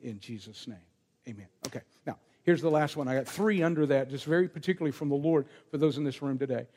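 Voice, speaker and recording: Before a gathered congregation in a meeting room, a man preaches a sermon that includes prayer and prophetic ministry, using an emphatic, repetitive cadence. His voice is on the high side, quick and a little mellow, with the sound of a large hall.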